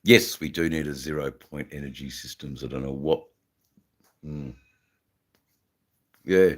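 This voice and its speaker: Slow, low-voiced Australian man chatting. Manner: rambling, halting, full of fillers and slang; smoking while talking. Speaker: livestream host. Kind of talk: casual live-stream chat.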